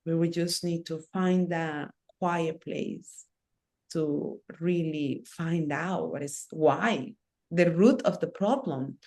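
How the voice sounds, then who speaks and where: A woman guest in a conversational interview whose voice sits low for a woman. She takes her time and lays out her thoughts slowly and earnestly, in short phrases broken by fillers. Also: a little mellow. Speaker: interview guest, ceremony facilitator.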